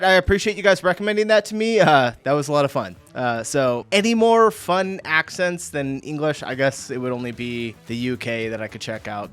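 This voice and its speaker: An American man hosting a reaction video, chatting casually and getting animated and excited. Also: mid-range voice. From United States. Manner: excitable, animated, swears when surprised.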